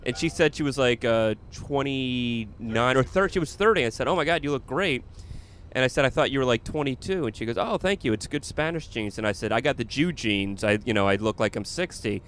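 A man's voice: mid-range voice, a little fast, fairly bright tone, slight background noise. A man, a comedian, telling a funny story in casual chat and laughing along as he goes. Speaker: comedian and podcast host.

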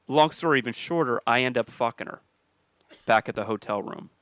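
A man's voice: mid-range voice, fairly quick, a bit bright, no echo. A man, a comedian, telling a casual story on a podcast with easy laughs. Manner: laid-back, laughing storyteller.

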